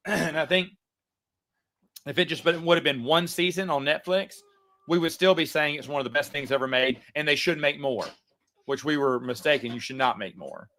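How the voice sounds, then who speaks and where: A man's voice: fairly high pitch, moderate pace, sharp tone, a little hiss or hum. A man hosting a casual livestream, answering viewer chats in a rambling way with frequent stammers and restarts.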